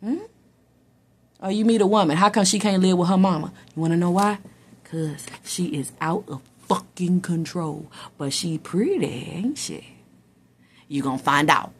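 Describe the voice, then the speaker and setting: A woman's voice: lowish voice, moderate pace, slight background noise. A woman doing a casual tarot reading. She talks in a blunt, dramatic and profane way and keeps slipping into mock voices. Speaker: tarot reader.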